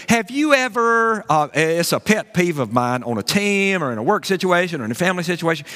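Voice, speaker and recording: Preaching a sermon in a large hall, a pastor with a voice on the high side speaks in an animated, conversational way. He sprinkles in folksy asides to the congregation.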